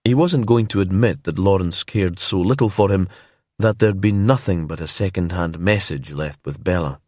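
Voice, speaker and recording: A man narrating a crime story in a calm, slow and immersive storytelling manner. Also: low-pitched, dry recording, studio quality.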